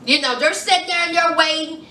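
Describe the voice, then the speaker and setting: A woman's voice: high voice, brisk, pushed and bright, a little hiss or hum. A woman chatting sassily to her viewers as she recaps a reality show, calling them y'all and honey. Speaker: reality TV reviewer. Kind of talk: casual recap chat. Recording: echoey room, voice a bit far from mic.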